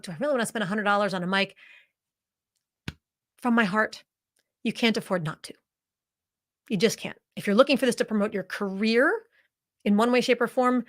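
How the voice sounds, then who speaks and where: A woman's voice: mid-range voice, fairly bright tone. Emphatic woman coaching on a webinar. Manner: emphatic, repeats points for stress; conversational and direct. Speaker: podcast host and speaking coach. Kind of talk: live webinar presentation.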